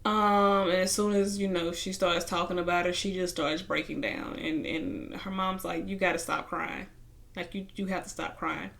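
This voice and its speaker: A woman's voice: lowish voice, moderate pace, vocal fry. A young woman casually recapping a reality show, retelling scenes and acting out what people said. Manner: animated retelling, acting out quotes, bursts of laughter.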